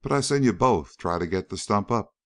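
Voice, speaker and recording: A man's voice: low-pitched, big pitch swings, moderate pace. A man voicing a blunt, curious frontier girl who talks in a folksy backwoods drawl.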